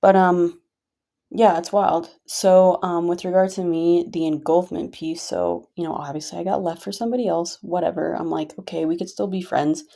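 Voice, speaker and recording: A woman's voice: on the low side, normal speed, gravelly, warm tone. A woman vlogger venting casually to her viewers, frustrated and rambling with many fillers.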